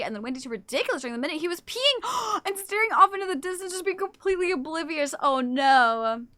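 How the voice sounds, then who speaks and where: A woman's voice: sits high, pushed and bright, no room sound. A woman livestreamer chatting casually and playfully with her viewers, reading chat aloud and swearing now and then.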